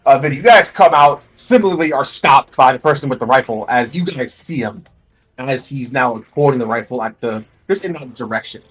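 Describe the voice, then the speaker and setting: A man's voice: mid-range voice, expressive, a little fast, slightly rough, low-quality recording. A man narrating as game master for a tabletop role-playing game, describing scenes loosely with many fillers.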